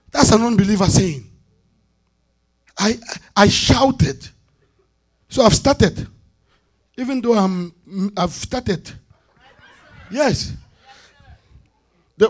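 A man preaching a sermon as bishop, calling out to the congregation for answers and swinging between loud declarations and hushed asides. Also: sits high. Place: church sanctuary.

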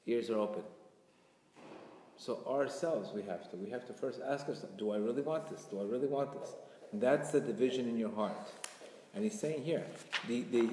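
A man's voice: medium pitch, slight background noise. Passionate man teaching in an echoey hall. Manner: passionate, rising to near shouts. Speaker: Jewish teacher. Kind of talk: Torah class.

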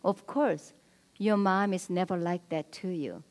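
A woman leading a marriage seminar at a church, speaking directly and prompting the audience with quick cues. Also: lowish voice. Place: church hall. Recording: long hall reverb.

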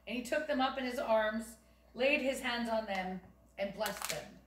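A woman reading scripture aloud in a church, careful and steady, sometimes stumbling and restarting a word. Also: on the high side, unhurried, background noise. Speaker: lay reader. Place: church sanctuary. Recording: echoey church from a distance.

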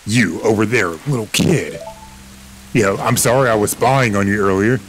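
Arrogant villain king, taunting, plain reading, lowish voice, as a man reads him aloud. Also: normal speed, lightly acted, low-quality recording. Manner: reads game text aloud in his own plain voice.

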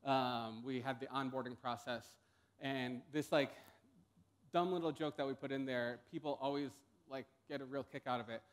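A young man speaks from a conference stage in a relaxed, halting way. He fills his pauses with ums and uhs and restarts his sentences as he goes. His voice sits at an ordinary middle pitch. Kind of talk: conference talk.

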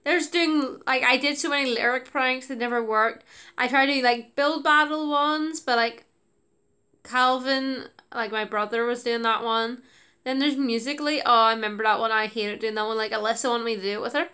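A woman's voice: a little high, steady tone, normal speed, sharp tone, clean tone. A woman YouTuber chatting casually about her old videos, rambling with lots of "like" and giggles. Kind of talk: casual reaction commentary.

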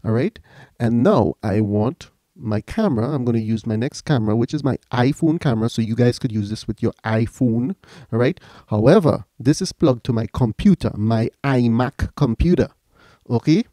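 Guy demoing his home music setup, mellow voice, keeps saying all right. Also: medium pitch, expressive, moderate pace, dry recording, studio quality. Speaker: tech reviewer. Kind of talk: casual step-by-step demo.

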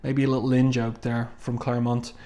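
A man's voice: mid-range voice, flat delivery, fairly quick, dark tone. Man musing through a comic review. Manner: musing, hesitant, with many ums and restarts. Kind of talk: casual review, reading panels aloud.

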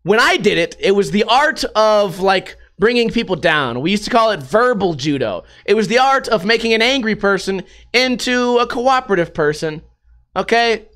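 A man delivering a casual vlog monologue, animated and full of swearing. His voice is high-pitched and bright. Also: normal speed. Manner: profane, animated storytelling with laughs. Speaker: vlogger.

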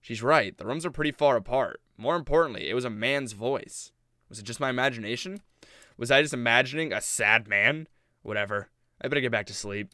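A man's voice: medium pitch, a little fast, pushed and bright, no room sound, clean studio sound. A young man giving jokey, casual commentary while playing a horror game and reading its text aloud. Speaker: let's play host.

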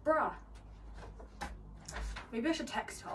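A woman's voice: fairly high pitch, takes it slowly, background noise. A woman chatting casually to camera as a vlogger, rambling to herself while getting ready at home. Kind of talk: casual vlog chat. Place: at home, indoors.

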